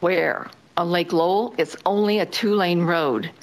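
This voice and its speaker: A woman resident testifying at a public hearing, upset and halting, with many fillers. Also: on the low side. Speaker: resident giving public comment.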